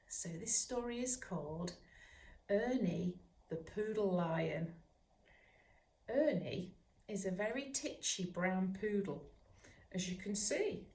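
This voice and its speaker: Woman reading a kids bedtime story real slowly, soft and soothing, echoey room. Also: mid-range voice, expressive. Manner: gentle, soothing, sometimes drops to a whisper. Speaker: children's author and dog trainer. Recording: roomy echo.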